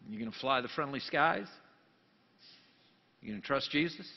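A man's voice: medium pitch, animated, moderate pace, gravelly. Man preaching in a long church echo. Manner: jokey, swings from quiet asides to loud emphatic bursts. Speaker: pastor. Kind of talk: sermon. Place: church sanctuary. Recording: long church reverb, dull lo-fi sound.

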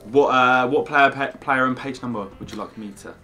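A man's voice: mid-range voice, moderate pace, bright, forceful tone, faint music behind. A young man hosting a gaming video, chatty and upbeat, often calling his co-host "mate". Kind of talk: casual gaming video commentary.

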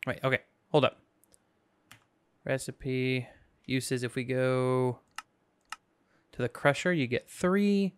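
A man's voice: mid-range voice, takes it slowly, pauses often, a little hiss or hum. A man hosting a casual let's-play, talking through his game in a goofy, rambling way with jokes to himself, sleepy and yawning. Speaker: gaming channel host.

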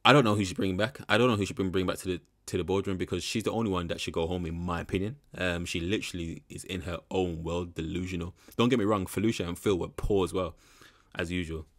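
A man's voice: low-pitched, fairly even intonation, quick pace, hardly any pauses. A young man giving rambling, frank commentary in a casual reaction video. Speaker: reaction channel host.

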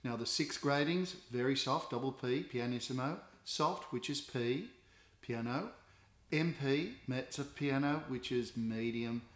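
A man's voice: medium pitch, measured pace. A middle-aged Australian man, a guitar teacher, explaining a lesson patiently with many fillers and restarts. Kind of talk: instructional explanation. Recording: roomy echo with guitar nearby.

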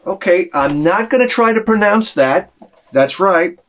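A man with a high voice hosts a casual unboxing vlog as a YouTube collector, speaking at a measured pace. He rambles through animated stories and exclaims often.

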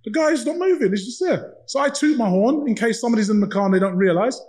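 A pastor with a strikingly high voice delivers a sermon. He tells his stories with animation and acts out both sides of each exchange, his voice climbing even higher at the peaks. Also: fast, rough recording. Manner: animated storytelling, acting out dialogue.

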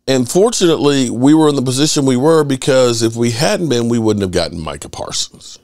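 A middle-aged man hosting his sports channel, chatting casually and rambling through stories with lively swearing. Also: medium pitch, no room sound, clean studio sound. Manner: animated storyteller, swears freely. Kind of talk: casual rambling fan chat.

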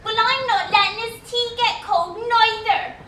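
A woman's voice: extremely high pitch, unhurried, fairly bright tone, slight background noise. An actress playing a little girl who nags and scolds like a housewife and teases another child. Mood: nagging. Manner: nagging, scolding, teasing. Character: sharp-tongued little girl playing mother. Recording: echoey stage from far off.

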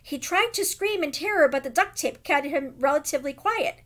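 A woman teacher reading a children's novel aloud with expressive, dramatic emphasis. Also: high voice, moderate pace.

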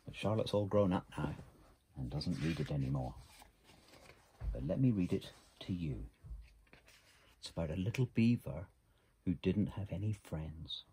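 A middle-aged man reading a children's picture book aloud in a gentle, expressive way. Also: low-pitched, unhurried, long pauses, slight background noise. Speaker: storybook reader.

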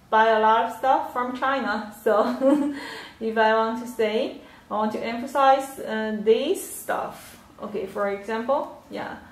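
A woman teaching a livestream language lesson, explaining slowly and patiently with many fillers. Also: fairly high pitch. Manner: slow, patient explaining with frequent yeah and fillers. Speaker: Chinese teacher. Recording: roomy echo, a little off mic.

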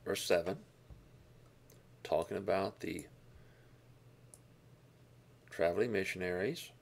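A man teaching a Bible lesson, explaining verses and Greek words with deliberate emphasis on key words. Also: low-pitched, creaky.

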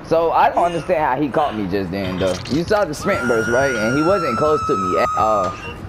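Excitable young man gaming with friends. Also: a little high, normal speed, heavy background noise. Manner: excitable, swears, shouts and laughs often. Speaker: gamer streamer. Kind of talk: casual gaming chat with friends.

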